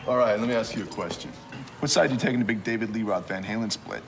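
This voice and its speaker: An actor playing a suspicious young rock musician who quizzes a visitor in a film scene. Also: male voice, on the low side, quick pace, slight background noise, natural voice. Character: suspicious young male rocker. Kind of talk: film dialogue.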